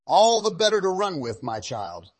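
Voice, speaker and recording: Man putting on a cunning male wolf, storybook, sly and hushed, dropping low and quiet. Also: sing-song, normal speed.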